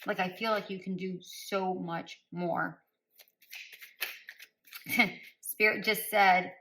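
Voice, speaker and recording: A woman's voice: on the low side, fairly even intonation, takes it slowly, creaky, long pauses, fairly bright tone, rough recording. A woman giving a spoken tarot reading. She speaks directly to listeners by star sign and repeats phrases for emphasis in a coaching tone. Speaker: tarot reader.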